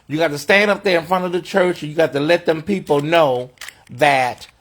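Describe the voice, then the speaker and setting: A man's voice: fairly high pitch, normal speed. Sassy, mocking man on a livestream. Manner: sassy and mocking, calls people honey. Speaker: host of a livestream commentary show. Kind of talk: unscripted livestream commentary. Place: hotel room.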